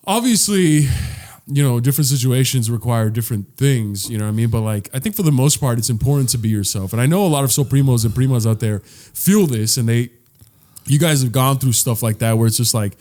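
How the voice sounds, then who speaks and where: A man's voice: medium pitch, a little fast, warm tone. A young man co-hosting a casual podcast, talking earnestly and swearing freely, often repeating words as he builds his point. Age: young adult. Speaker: podcast co-host.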